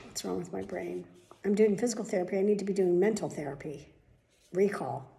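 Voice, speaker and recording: A middle-aged woman talks straight to her audience in a loose, rambling daily vlog, hopping from one thing to the next. Her voice is warm and mellow, sitting at an ordinary pitch for a woman. She is candid and chatty, with the occasional casual swear. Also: fairly quick, vocal fry. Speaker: vlogger.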